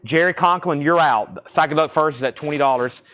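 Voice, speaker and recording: A man's voice: a little high, brisk, fairly bright tone. A man with a Southern US accent hosting a live record sale, rattling off titles, conditions and prices. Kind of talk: live-stream auctioneering. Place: record shop.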